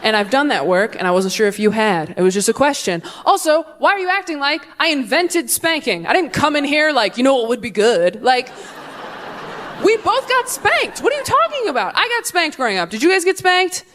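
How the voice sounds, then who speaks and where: A woman's voice: sits high, sing-song, normal speed, a bit bright, slight background noise. Sardonic woman doing stand-up. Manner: punchy, sardonic delivery that acts out quoted voices. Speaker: stand-up comedian. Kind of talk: stand-up comedy set. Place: comedy stage before a live audience.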